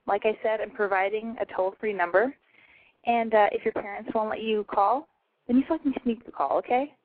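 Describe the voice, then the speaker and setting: A woman's voice: medium pitch, fairly even intonation, normal speed, no room sound. A young woman hosting a casual call-in radio show from home, talking in a brash, profane, self-mocking way. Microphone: home mic over a call-in line. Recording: dry, tinny phone-line sound.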